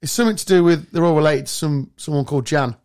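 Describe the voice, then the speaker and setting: A man with a fairly high voice, chatting casually as a podcast host. He swears freely and tells his stories with a lot of energy. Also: fast talker. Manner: swearing, animated storytelling. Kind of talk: casual chat.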